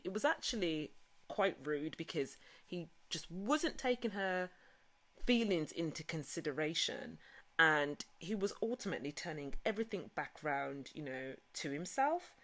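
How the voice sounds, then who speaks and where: Low-voiced chatty woman. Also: a bit bright. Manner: chatty, lots of fillers like "you know". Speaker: recap vlogger. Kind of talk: casual recap with retold quotes.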